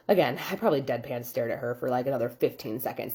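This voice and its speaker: A woman's voice: rumbling low, quick pace, few pauses, warm tone, slightly rough. A young woman, a boudoir photographer, telling a client story casually, full of "like" fillers and exasperation. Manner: chatty, lots of "like" fillers, exasperated. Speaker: boudoir photographer and studio owner.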